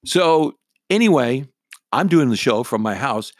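A man's voice: mid-range voice, lively intonation, unhurried, dry recording. Man, middle-aged, radio host, casual storytelling, irreverent, dry close sound. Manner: blunt, wry and irreverent. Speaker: radio talk show host.

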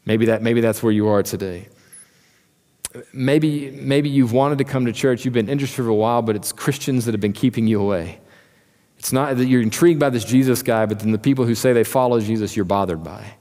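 A man's voice: mid-range voice, brisk, dark tone. A man preaching a sermon as pastor, earnest and asking the listeners direct questions. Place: church hall. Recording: church sermon with long hall reverb.

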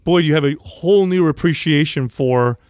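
A man co-hosting a casual podcast tells a story with lively energy, voicing the people in it and swearing freely. His voice sits a little high for a man. The sound is close and dry, with no room in it. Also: moderate pace, clear, resonant tone, no room sound. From San Jose, California. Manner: animated storyteller, acts out quotes, swears casually. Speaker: podcast co-host.

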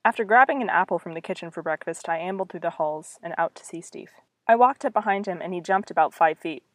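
Young woman, low-ish voice, reads her old novel with wry side comments, dry close sound. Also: fast, dry recording. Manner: wry, self-mocking asides. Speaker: author reading her old story. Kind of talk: reading aloud with casual commentary.

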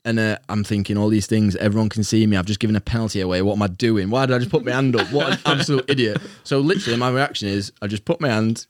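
A man's voice: on the low side, fast talker, hardly any pauses. A young man telling a self-mocking story to friends, laughing often as he talks. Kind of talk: casual storytelling among friends.

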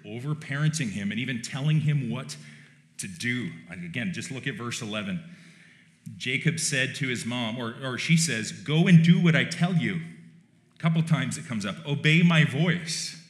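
A male pastor preaching a sermon in a relaxed, conversational way, with wry joking asides. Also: mid-range voice. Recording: roomy church echo.

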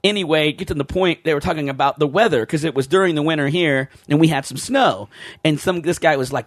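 A man's voice: a little high, fast talker, dry recording, clean studio sound. A middle-aged man, rambling through stories in a casual chat and laughing often.

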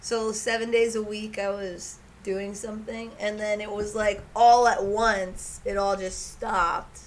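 A woman co-hosting a casual chat, telling stories in an animated way and laughing often. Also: mid-range voice, unhurried, slight background noise. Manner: animated storyteller, acts out shouted quotes, laughs often. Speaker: podcast co-host.

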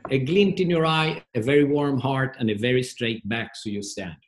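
Middle-aged coach from Sweden, Swedish accent, casual warm storyteller with frequent restarts. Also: male voice, mid-range voice, lively intonation, moderate pace, a little hiss or hum. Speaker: guest, performance coach.

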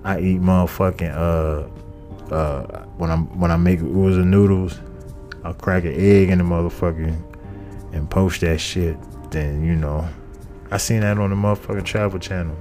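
A man's voice: deep voice, steady tone, moderate pace, warm tone, faint music behind. A man hosting a podcast in a casual comedic monologue, profane and rambling, repeating his phrases. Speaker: podcast host.

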